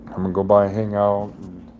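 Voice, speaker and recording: A middle-aged man in a personal vlog, talking in a halting, rambling way with many restarts, emotionally raw and near tears. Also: fairly low pitch, little pitch movement, darkish tone, a little hiss or hum. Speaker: vlogger.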